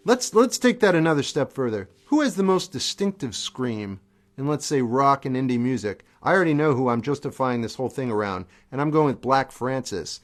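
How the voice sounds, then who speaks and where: A man's voice: medium pitch, expressive, fairly quick. A middle-aged man hosting a livestream, reading viewer questions aloud and answering them briefly in an offhand way. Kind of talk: casual livestream chat between songs. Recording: acoustic guitar playing behind the voice.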